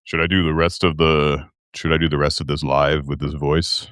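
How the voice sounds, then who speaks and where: A man doing a smooth, drawn-out voice of a late-night radio announcer on his live stream. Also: a bass voice, level tone, a bit bright, dry recording, studio quality, voice pushed down.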